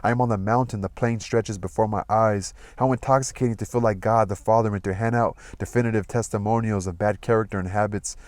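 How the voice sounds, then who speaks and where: A man reading a novel aloud in a measured, expressive way. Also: lowish voice, dry recording. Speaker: audiobook reader.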